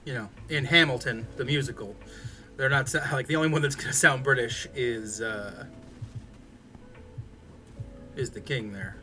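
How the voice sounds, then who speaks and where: A man's voice: medium pitch, a little fast. A man chatting casually on a stream, rambling with many fillers and restarts. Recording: music playing behind.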